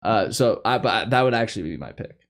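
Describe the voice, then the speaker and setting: A man's voice: fairly low pitch, expressive, fairly quick. Laid-back man in casual podcast chat. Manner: laid-back, blunt, playful. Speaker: podcast co-host.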